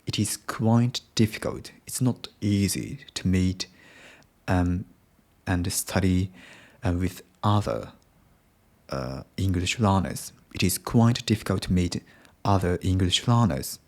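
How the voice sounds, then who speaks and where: A man with a Japanese accent, a native Japanese speaker, talking in halting, careful English as he searches for words in a solo practice monologue. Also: sits low, darkish tone. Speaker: English learner recording a daily practice episode.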